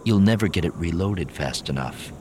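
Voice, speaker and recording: A man voicing a calm young male hero who reasons quietly and evenly. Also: low voice, normal speed, slight background noise.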